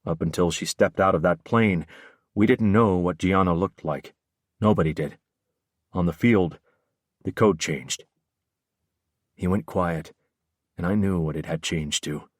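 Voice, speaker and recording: Man, very deep low voice, first-person audiobook narration, brooding and intense, dry close mic. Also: a little slow, long pauses, no echo.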